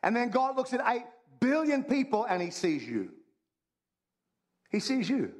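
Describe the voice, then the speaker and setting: A man's voice: very high-pitched, big pitch swings, measured pace. A man preaching a sermon, talking in a conversational, humorous way and repeating his phrases for emphasis. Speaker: pastor.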